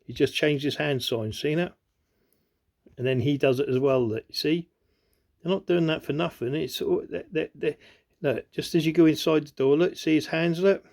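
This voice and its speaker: A man's voice: on the high side, normal speed, gravelly, a little mellow. A man giving rambling commentary over video clips, repeating himself constantly and urging the listener to look. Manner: repetitive, keeps saying "look" and "you know what I mean". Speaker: conspiracy video host.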